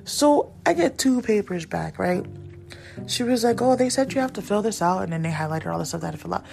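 A woman's voice: mid-range voice, lively intonation, fairly quick, gravelly, over music. A young adult woman venting in a blunt, frustrated storytime, repeating herself for emphasis. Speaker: vlogger.

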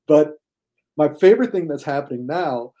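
An older man talking casually as a podcast guest, lively, often mimicking others in high mocking voices. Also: moderate pace. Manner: animated, mocks critics in high shouted voices. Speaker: guest film critic.

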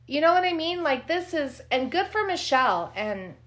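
A woman co-hosting a true crime chat, blunt and fired up. She swears without a pause. Her voice is bright and forceful and sits a little high. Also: very animated. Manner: blunt, indignant, swears freely. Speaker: podcast co-host.

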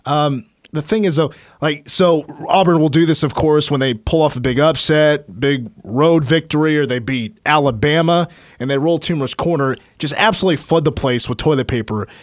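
A man's voice: fairly high pitch, normal speed. A man from Kansas hosting a sports radio show, joking and opinionated as he counts down a list. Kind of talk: casual sports talk.

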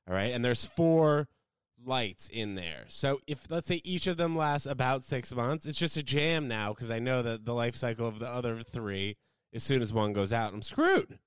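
A young American man chatting casually with his live viewers, rambling from topic to topic and swinging between loud bursts and low mumbles. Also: clear, resonant tone, no room sound, studio quality. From United States. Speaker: livestreamer. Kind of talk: casual rambling livestream chat.

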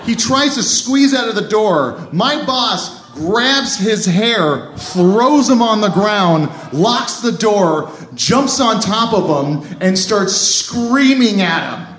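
A man telling a funny true story on stage, animated and laughing as he goes. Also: high-pitched, takes it slowly, slight background noise. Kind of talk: live comic storytelling.

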